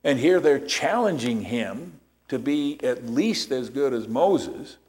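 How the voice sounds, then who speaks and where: A man's voice: mid-range voice, lively intonation, takes it slowly, a little mellow. A man preaching a sermon as pastor, explaining scripture step by step and checking in with rhetorical questions.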